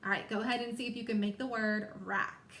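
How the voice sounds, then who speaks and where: A woman teacher walks young readers through spelling, stretching each word into its sounds with slow, careful emphasis. Her voice sits a little high, and the recording carries a noticeable room echo. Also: steady tone, a bit bright, a little hiss or hum. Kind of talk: phonics lesson. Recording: echoey room.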